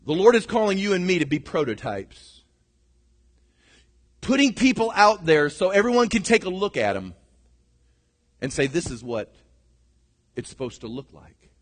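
A middle-aged male pastor preaching a sermon, swinging from shouted lines to hushed ones. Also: sits high, very animated, moderate pace, long pauses. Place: church sanctuary. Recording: long reverb of a large hall.

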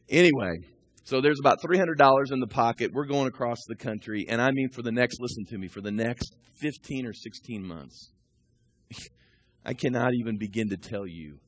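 A man in his sixties preaching a sermon, talking through scripture and personal stories and building to loud, rising peaks. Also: on the low side. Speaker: pastor.

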